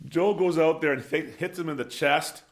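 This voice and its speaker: A middle-aged former hockey coach telling a lively anecdote as a guest on a podcast, laughing at his own story and acting out what people said, into a studio microphone. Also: on the high side, moderate pace, creaky, crowd noise. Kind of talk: animated storytelling.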